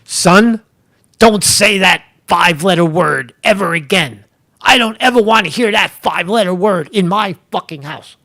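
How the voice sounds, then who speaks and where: A man voicing a stern father who scolds his son harshly and swears, his voice raised a little higher than his own. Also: moderate pace, sharp tone, a little hiss or hum. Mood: scolding.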